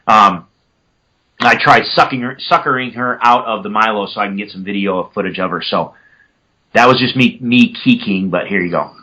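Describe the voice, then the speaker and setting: A man's voice: on the low side, bright, forceful tone, low-quality recording. A man casually explaining turkey calls on a podcast, now and then mimicking yelps with his own voice. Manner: conversational, self-correcting.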